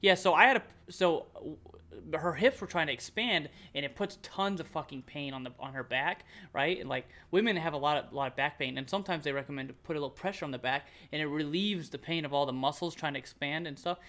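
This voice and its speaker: A man telling a long story as a podcast guest, animated, cursing often and restarting his sentences. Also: a little high, fast. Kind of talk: casual storytelling chat.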